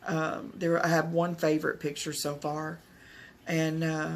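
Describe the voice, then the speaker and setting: A woman's voice: low-pitched, flat delivery, unhurried, a little hiss or hum. A woman from Texas, telling a personal story to camera in a rambling way, full of fillers and restarts. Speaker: vlogger.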